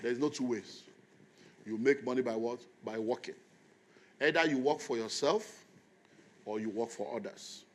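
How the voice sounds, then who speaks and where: A man's voice: medium pitch, moderate pace, pauses often. A middle-aged man with a Nigerian accent, preaching a sermon and telling a story to a congregation. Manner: storytelling, tells the audience to repeat lines to their neighbours.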